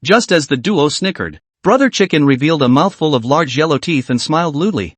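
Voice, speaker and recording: A man narrating a comic recap in a brisk storytelling manner, recorded dry and close. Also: a little high, expressive, no echo.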